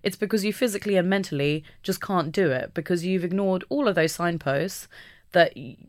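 A woman speaking as an interview guest, talking openly and reflectively, with the odd soft laugh. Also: fairly low pitch, fairly quick, dry recording, clean studio sound. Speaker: podcast guest. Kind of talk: candid conversational interview.

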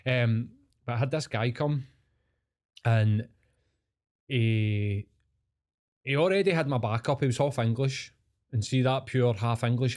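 A man's voice: mid-range voice, a little mellow. A man with a Scottish accent, hosting a podcast as a casual chat and telling rambling, sweary stories. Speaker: podcast host.

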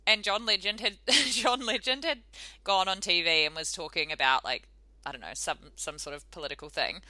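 A woman's voice: lowish voice, normal speed, bright, forceful tone, no echo. A young woman co-hosting a podcast, telling stories in casual, sarcastic chat. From New Zealand. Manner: chatty, sarcastic storytelling. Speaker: podcast co-host.

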